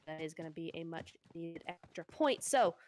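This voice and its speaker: Excitable woman calling live esports play-by-play. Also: low voice, normal speed, a little hiss or hum. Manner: excitable, chatty, exclaims often. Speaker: esports caster.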